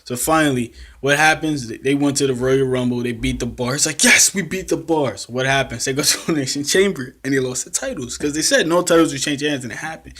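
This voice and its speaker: A young man talking casually through his predictions for wrestling matches, laughing often and acting out what the wrestlers said. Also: mid-range voice. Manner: excitable, laughs often, acts out quotes. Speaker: wrestling fan vlogger.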